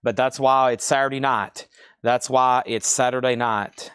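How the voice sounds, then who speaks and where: A man hosting a live-stream record sale, calling out titles, bids and prices in a steady stream. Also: mid-range voice, clean tone, dry recording, studio quality. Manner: rapid-fire listing of items and prices. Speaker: live auction seller.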